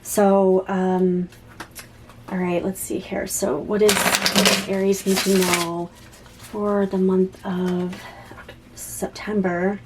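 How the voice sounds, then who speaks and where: A woman gives a tarot reading as it comes to her, thrilled and stumbling over her own words as she goes. She restarts her sentences and fills the gaps with filler sounds. Her voice sits at a middling pitch for a woman. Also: background noise. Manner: excited, halting, many restarts and fillers; drops to soft whispers while shuffling cards. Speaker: psychic tarot reader. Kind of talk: spontaneous tarot reading to camera.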